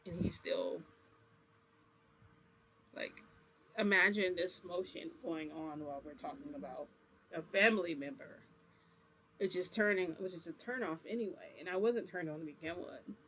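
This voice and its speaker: A woman talks straight to her viewers, winding through a personal story with plenty of fillers and asides. Her delivery is loose and animated, breaking now and then into a laugh. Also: on the low side, normal speed, long pauses, a little hiss or hum. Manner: rambling, chatty, many fillers. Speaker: vlogger. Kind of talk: casual confessional storytelling.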